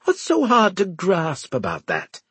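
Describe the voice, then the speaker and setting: Curt barking officer, pitched up, snappy, a man playing him. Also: wildly swooping pitch, moderate pace, breathy edge, no echo, full character voice. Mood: snappish. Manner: barking, clipped orders.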